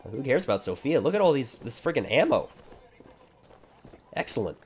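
A man's voice: mid-range voice, very animated, moderate pace, darkish tone, a little hiss or hum. A man giving casual, sarcastic gameplay commentary with jokey asides. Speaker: gaming YouTuber.

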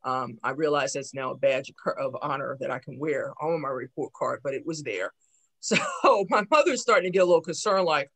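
A woman in her sixties from New York City, giving a lively talk about her life and acting out remembered conversations. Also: a bass voice, brisk. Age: 60s. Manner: lively storyteller who acts out remembered dialogue. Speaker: invited speaker, town council member. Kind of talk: personal storytelling talk.

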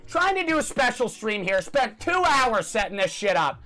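Man, streamer, fast profane chatter, bright tone, blown-out lavalier mic. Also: very high-pitched, big pitch swings. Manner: fast, profane, bursts into shouting. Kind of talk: casual live stream chat. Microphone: cheap lavalier mic. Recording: distorted lavalier mic, music behind.

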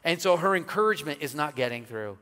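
A middle-aged male pastor preaching a sermon, telling funny family stories with lively, laughing delivery. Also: fairly high pitch, fast. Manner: animated storytelling with jokes and laughter. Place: church sanctuary. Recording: church hall with long reverb.

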